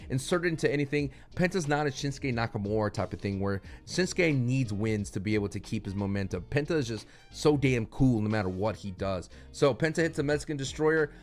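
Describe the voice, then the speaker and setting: A man talks through a wrestling show recap in a loose, excitable way. He rambles, restarts his thoughts and throws in slang. Faint music plays under his voice. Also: mid-range voice. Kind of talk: casual recap commentary.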